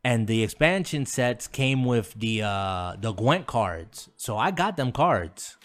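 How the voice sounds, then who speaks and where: A man's voice: mid-range voice, expressive, takes it slowly, fairly bright tone. A man co-hosting a gaming podcast, chatting casually and repeating words for emphasis. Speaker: podcast co-host. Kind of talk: casual chat.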